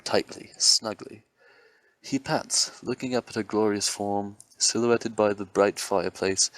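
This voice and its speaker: A man narrating an amateur story reading in a steady, dramatic way. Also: fairly low pitch, no room sound, rough recording. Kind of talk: amateur reading of erotic fiction.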